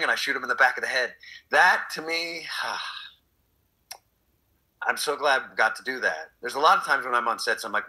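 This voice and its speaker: A man's voice: medium pitch, normal speed, rough recording. A middle-aged man from Texas, chatting in an interview and acting out voices as he tells stories. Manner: animated storyteller, acts out quotes. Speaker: actor guest. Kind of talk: casual interview chat.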